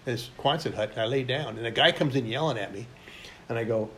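An older veteran, mid-pitched, tells his service stories in a loose, rambling way, often restarting his sentences. He talks bluntly and plainly. A faint hiss sits under the recording. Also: a little fast, a bit bright. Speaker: military veteran interviewee. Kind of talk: oral history storytelling.

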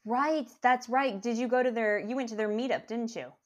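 A young woman telling a long personal story as a guest, animated and rambling, with lots of restarts. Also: on the high side, normal speed. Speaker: podcast guest. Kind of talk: casual storytelling.

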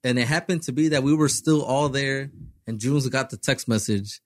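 A man's voice: mid-range voice, moderate pace, dry recording, studio quality. A man in casual chat, retelling a gig story and switching between English and Spanish, with plenty of swearing. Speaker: band member.

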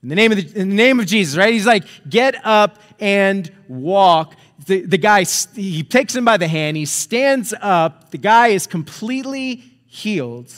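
A man's voice: sits high, lively intonation, normal speed, few pauses, fairly bright tone. A man preaching a sermon, retelling a story in a casual, conversational way with frequent chuckles and asides. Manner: conversational, chuckling, checks in with "right?". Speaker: pastor. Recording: long reverb of a hall.

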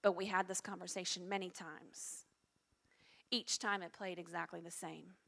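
A middle-aged woman pastor preaches with a bright, forceful voice. She speaks earnestly and confessionally, sometimes dropping to hushed tones. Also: on the low side, steady tone, normal speed, creaky. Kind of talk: sermon.

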